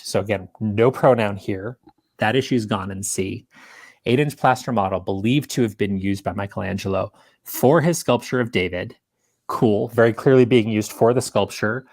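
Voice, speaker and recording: A man's voice: on the low side, no echo. A man tutor walking viewers through grammar questions in a conversational way, asking rhetorical questions and repeating words for emphasis. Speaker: test prep tutor.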